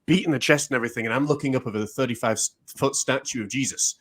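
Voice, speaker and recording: A man's voice: medium pitch, rapid-fire, a bit bright. A man hosting an interview show, talking in a casual, rambling way with many fillers. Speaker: show host.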